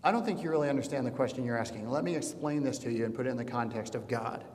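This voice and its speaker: A man's voice: medium pitch, rapid-fire, a little mellow, in a large hall, lightly acted. A man voicing an impatient learned woman guide who explains things in an exasperated, condescending tone.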